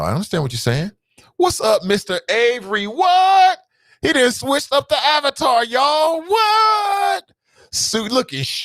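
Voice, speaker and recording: A man's voice: lowish voice, a bit bright, dry recording, clean studio sound. A man hosting a live talk show, reading viewer comments aloud and bantering casually with his audience. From Cincinnati, United States.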